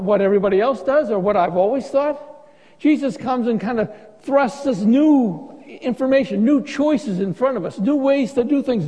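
A man's voice: sits high, mellow, long reverb tail, low-quality recording. A man preaching a sermon as pastor, in a conversational, joking way with many restarts.

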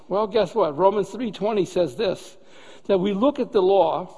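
High-voiced man preaching in a reverberant hall. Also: normal speed, dark tone, slightly rough. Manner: conversational preaching with rhetorical questions. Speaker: pastor. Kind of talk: sermon.

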